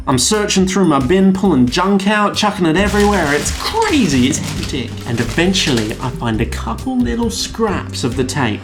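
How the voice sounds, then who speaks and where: A man's voice: a little high, sing-song, normal speed, few pauses, faint music behind. A man, telling a comedic rant about a customer-support mishap in a wry, self-deprecating way. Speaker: vlogger.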